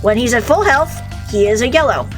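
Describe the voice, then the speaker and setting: A woman's voice: a little high, expressive, fairly quick, faint music behind. A young woman co-hosting a game stream, chatting and explaining the game's mechanics. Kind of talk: casual game commentary.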